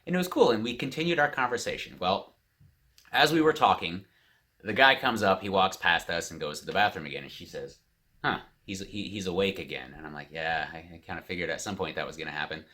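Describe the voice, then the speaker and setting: A vlogger with a deep voice tells a story briskly and casually straight to camera. He's animated, quoting the people involved without shifting out of his own voice.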